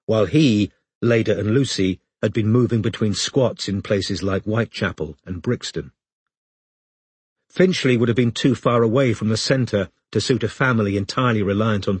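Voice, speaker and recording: A man narrating an audiobook in a measured storytelling manner, close to the mic. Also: fairly low pitch, slightly rough, dry recording.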